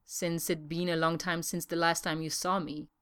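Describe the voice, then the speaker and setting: A woman voicing a gentle, wry man who talks softly, fond yet exasperated. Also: low voice, little pitch movement, moderate pace, clean tone.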